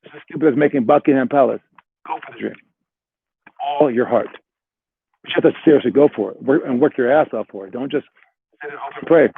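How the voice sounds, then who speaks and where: A man's voice: medium pitch, brisk, gravelly, pauses often, slight background noise. A man coaching basketball players, giving a rambling motivational talk full of "all right" and "like" before walking them through a drill. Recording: dry, tinny phone-like sound.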